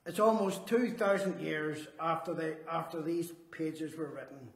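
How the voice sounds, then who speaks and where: A man delivers a sermon in an earnest, emphatic way, drawing out the phrases he wants to land. His voice sits somewhat high for a man. The sound carries the echo of a church hall. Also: unhurried. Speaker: Salvation Army officer preaching.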